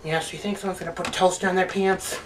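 A man's voice: sits high, flat delivery, brisk. A man co-hosting a casual movie chat, joking and rambling. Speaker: co-host. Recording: distant mic with faint noise.

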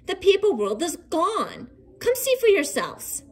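A woman voicing an excitable young male monster in a storybook read-aloud, with eager, breathless exclamations. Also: extremely high pitch, a little slow, pitched above the performer's own voice, exaggerated voice. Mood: excited.

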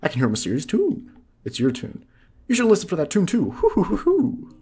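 A man's voice: a little high, very animated, warm tone, breathy edge, voice pushed up. Man putting on a hooting old owl. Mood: solemn. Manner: slow hooting delivery. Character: wise old owl guide, male, solemn.

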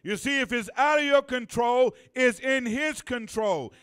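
Extremely high in pitch, smooth and a little bright, a man's voice leads a church sermon. The pastor stretches out key lines for emphasis and prompts the congregation to call back to him in the sanctuary.

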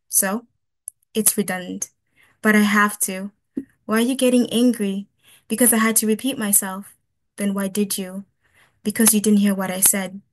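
A woman reading her spoken-word poem on a webinar, slow and pointed, asking question after question. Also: mid-range voice, slight background noise.

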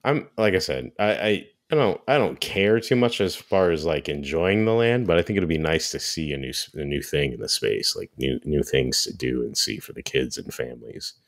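A man's voice: extremely low pitch, lively intonation, normal speed, few pauses. A middle-aged man co-hosting a podcast in casual chat, wry and teasing. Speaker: podcast co-host.

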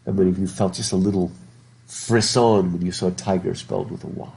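A man's voice: sits low, fairly even intonation, fairly quick, creaky, a little mellow, a little hiss or hum. A middle-aged man giving a live classroom lecture as a literature professor, rambling, often repeating his words and putting questions to the class. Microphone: worn mic while masked.

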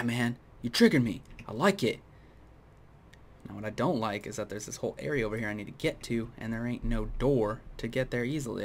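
A man giving casual gameplay commentary, going off on opinionated tangents and talking straight to viewers, with a dry mouth that keeps him clearing his throat. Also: fairly low pitch, a little hiss or hum. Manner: rambling, opinionated tangents, addresses viewers directly. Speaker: gaming video host.

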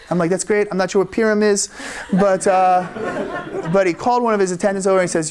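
Rabbi telling a story slam tale live, animated, laughing, acting out the quotes. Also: male voice, high-pitched, fairly quick. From United States. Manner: animated, laughs often, acts out quoted lines. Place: event stage before an audience.

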